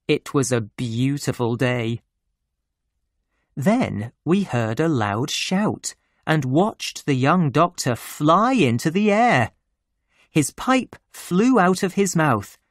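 Slow, clear story narrator. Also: mid-range voice, no room sound, clean studio sound. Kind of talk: slow graded-reader storytelling for English learners.

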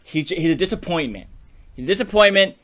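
A young man co-hosting a podcast, telling a silly story idea in an animated, playful way. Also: high voice, fast. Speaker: podcast co-host. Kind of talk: casual brainstorming chat.

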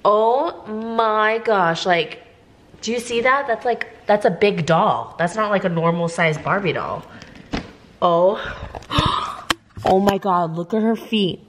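Gasping and gushing with excitement, this young woman chats in a casual vlog, rambling emotionally through fillers and restarts. She talks a little slowly in a mid-range voice, with slight background noise behind her.

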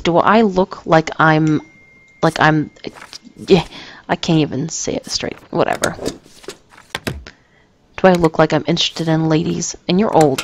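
Lady gamer rambling at her game, confused and joking at herself, kinda low voice. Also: moderate pace, pauses often. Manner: flustered, self-mocking, talks to the game characters. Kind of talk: let's play commentary. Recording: noisy home recording.

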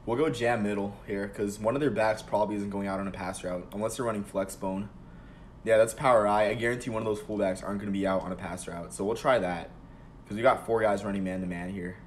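A young man streaming a football video game live, calmly calling plays between excited outbursts. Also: fairly low pitch, fast, slight background noise. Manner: excitable, swings between calm play-calling and loud outbursts. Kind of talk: live gameplay commentary.

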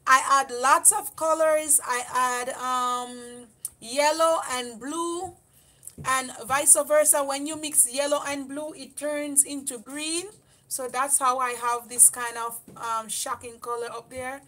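A woman's voice: high-pitched, fairly even intonation, slow pace, sharp tone. A young woman from Jamaica with a Jamaican accent, chatting casually on a makeup livestream and answering viewer comments. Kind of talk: casual live-stream chat.

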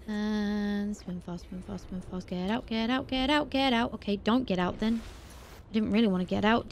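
A woman playing a video game, talking to herself in an animated way and breaking into startled exclamations. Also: mid-range voice, moderate pace, a little hiss or hum. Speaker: let's play host. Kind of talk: gaming commentary.

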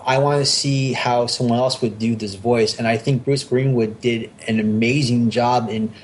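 A man's voice: mid-range voice, fairly even intonation, normal speed, slight background noise. A man talking casually on a podcast, enthusiastic and rambling, with many restarts and fillers. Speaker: podcast host.

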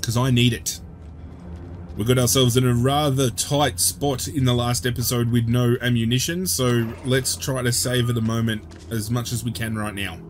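A man's voice: mid-range voice, little pitch movement, moderate pace, a little hiss or hum. A man giving casual gameplay commentary, chatty and joking, who swears freely as he plays.

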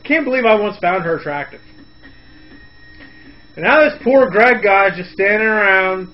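A man riffing sarcastically and crudely over a reality show, mocking the people on screen and blurting out shouts. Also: sits high, normal speed, lo-fi sound. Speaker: comedy commentator.

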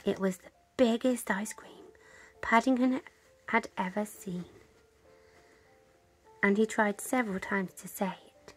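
Woman narrator, bedtime storybook reading, slow, soft and half-whispered, gravelly texture. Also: on the high side, faint music behind.

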